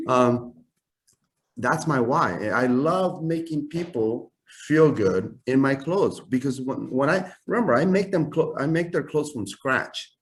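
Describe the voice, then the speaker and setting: Self-assured middle-aged man, chatty. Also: medium pitch. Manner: animated, self-assured, frequent "right?" tags. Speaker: interview guest, suit maker. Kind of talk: casual interview talk.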